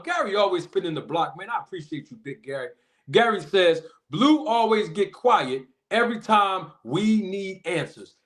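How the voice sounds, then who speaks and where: A man hosting a boxing live stream, calling out viewers in the chat and arguing in disbelief. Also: high-pitched. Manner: animated, incredulous, shouting out chat members. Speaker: boxing commentary channel host. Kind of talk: casual live-stream commentary.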